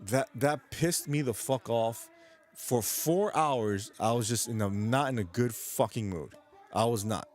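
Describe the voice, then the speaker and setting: A man's voice: medium pitch, unhurried. A young man from New York ranting in a vlog, profane and agitated, repeating himself as he talks. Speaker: vlogger.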